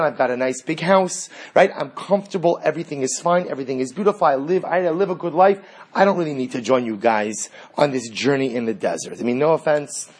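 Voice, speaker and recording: A man delivers a sermon with rising passion, pressing his points home with emphatic bursts. His voice sits a little high and carries a husky edge. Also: darkish tone. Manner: impassioned, rising to emphatic peaks. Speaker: rabbi teaching Torah.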